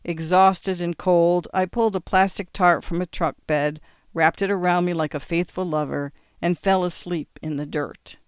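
A man's voice: high-pitched, fairly even intonation, moderate pace, clean tone, no echo, clean studio sound. A man reading a first-person story aloud in a wry, plain-spoken way. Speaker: audiobook reader.

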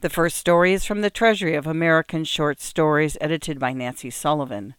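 A woman, a volunteer reader, narrating a short story in a measured, even storytelling manner. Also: sits low, smooth, dry recording, clean studio sound.

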